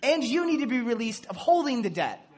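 Animated preacher acting out dialogue. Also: medium pitch, a little fast. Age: adult with children. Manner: animated, acts out quoted dialogue; jokes and laughs while teaching. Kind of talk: casual sermon.

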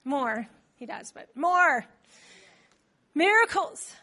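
A woman preaching a sermon in church, animated, telling the story with laughs and acted-out voices. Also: high voice, slow pace.

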